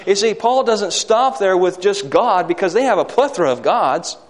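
Preacher, man, raised voice, emphatic sermon delivery with loud peaks and quiet asides, recorded in a church with long reverb. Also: high voice, lively intonation, normal speed. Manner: asks the congregation for amens. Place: hall or church.

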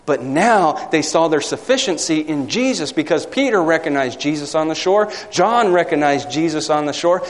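A man preaching a sermon, asking the congregation questions and reading scripture aloud. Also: a little high. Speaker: pastor. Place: church. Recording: church hall with long reverb.

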